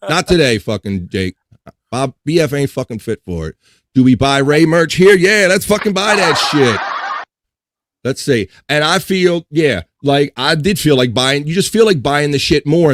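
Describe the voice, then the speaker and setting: A man's voice: a little high, no room sound. A man hosting a casual livestream podcast, reading chat and ranting with heavy swearing and frequent laughter. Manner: profane, ranting, laughing while venting.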